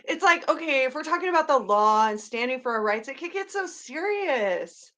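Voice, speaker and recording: High-voiced, gushing female co-host. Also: very animated, normal speed, bright, forceful tone. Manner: enthusiastic, gushing. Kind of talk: casual chat.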